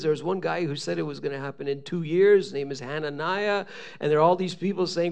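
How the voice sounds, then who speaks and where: High gravelly preaching man. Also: brisk, dull audio. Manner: animated, reads scripture aloud with rising emphasis. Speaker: pastor. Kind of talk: sermon.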